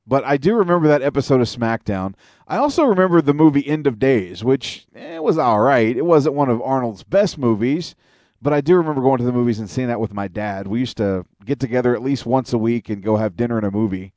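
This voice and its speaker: Man co-hosting a podcast, profane and animated, dry close sound. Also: mid-range voice, brisk, dry recording. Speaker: podcast co-host. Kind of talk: casual podcast chat.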